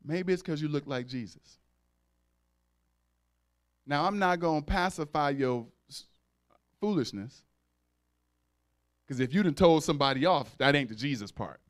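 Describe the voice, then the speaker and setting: Male pastor, slightly high, clear voice; conversational sermon with call-outs and acted-out voices. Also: lively intonation, unhurried, pauses often. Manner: acts out dialogue in raised voices.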